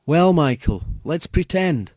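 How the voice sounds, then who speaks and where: A scheming young woman who coaxes and teases, pitched well above the reader's own voice, as a male narrator puts her on. The tone stays mellow and warm, in a dry, close recording. She sounds coy and calculating. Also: lively intonation, takes it slowly, no echo. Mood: coaxing. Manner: coaxing, calculating, teasing.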